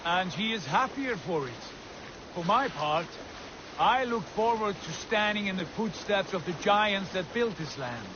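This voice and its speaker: An actor playing a proud, resolute Viking jarl who speaks in a grand, declamatory way. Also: male voice, high voice, expressive, unhurried, noisy background. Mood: solemn. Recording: muffled game audio with loud boat and water sounds.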